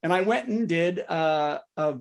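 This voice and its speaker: A man's voice: fairly high pitch, animated, a little slow, vocal fry. Guy riffing on the news, jokey asides, keeps asking the crowd if they saw it. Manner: joking asides, checks in with the audience. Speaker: stand-up comedian hosting a virtual show. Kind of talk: topical news monologue. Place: home setup for a virtual show.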